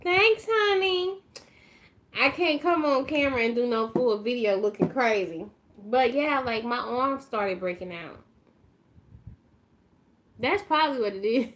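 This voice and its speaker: A woman chatting casually while doing her makeup, emotional and effusive, now and then dropping to a quiet murmur as she concentrates. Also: a little high, animated, normal speed, a little hiss or hum. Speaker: beauty vlogger.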